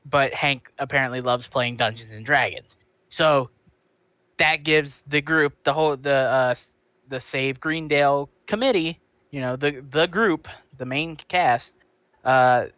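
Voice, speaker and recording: Bright-voiced man rambling through a recap. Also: medium pitch, clear, resonant tone, no room sound. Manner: rambling recap with frequent ums and self-corrections. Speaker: podcast co-host. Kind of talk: casual chat.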